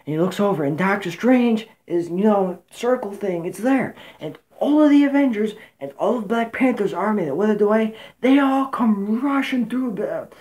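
A woman giving a casual, rambling movie recap, excitable and swearing, with many fillers and restarts. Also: medium pitch. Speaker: movie reviewer.

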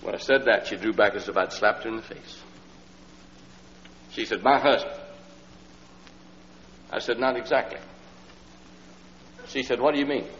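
A man's voice: on the low side, moderate pace, pauses often, a little hiss or hum. Male preacher, folksy storytelling sermon, acts out his characters, old lo-fi LP sound, long hall reverb. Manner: folksy storyteller who acts out the people in his story, rising to loud pleading.

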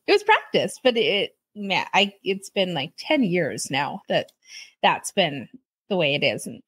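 A woman's voice: mid-range voice, a bit bright. A woman podcast host chatting with a guest, with hesitant restarts and frequent laughter. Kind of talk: casual interview chat.

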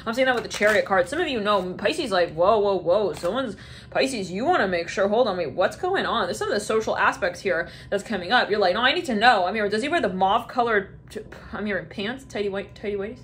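A woman's voice: mid-range voice, animated, brisk, a little hiss or hum. A woman giving a casual tarot reading, rambling and giggling often, with some swearing. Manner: giggly, rambling, frequent laughter and profanity. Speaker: tarot reader.

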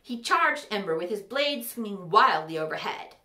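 A woman narrating a fantasy story in an animated, wry manner. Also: medium pitch, normal speed, echoey room.

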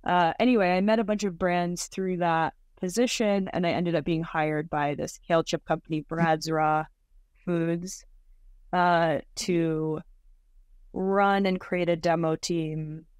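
A woman's voice: lowish voice, steady tone, a little slow, a little mellow, smooth, dry recording, clean studio sound. A woman in her thirties, a podcast guest, telling her story in casual talk, full of "like" and "um", with frequent small laughs. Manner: chatty, many fillers like "like" and "um", laughs often.

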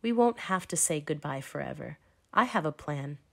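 A woman voicing Jesus as a calm, gentle man in a children's Bible storybook read-aloud. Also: low-pitched, moderate pace, vocal fry, full character voice.

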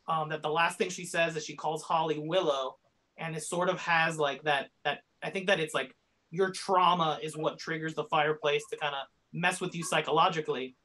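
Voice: mid-range voice, fairly even intonation, normal speed, sharp tone, low-quality recording. Rambling podcast host sharing theories. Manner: rambling, full of fillers. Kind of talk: casual chat.

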